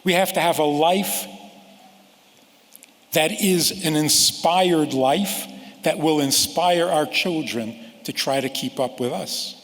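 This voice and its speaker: A man giving a rabbi's sermon-style lecture, slow and deliberate, with long pauses and sudden drops to a quiet voice. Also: fairly high pitch, in a large hall. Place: large lecture hall.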